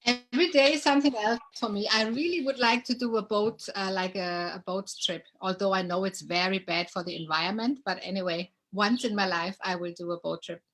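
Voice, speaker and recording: A German woman with a German accent chats as a guest in a casual interview. Her mid-range voice is relaxed but halting as she searches for words, and the recording is rough.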